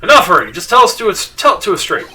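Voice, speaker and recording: A man's voice: on the high side, very animated, fairly quick, bright, forceful tone, recorded from a distance, faint music behind, heavily acted. A man voicing an exasperated, sarcastic male lawyer.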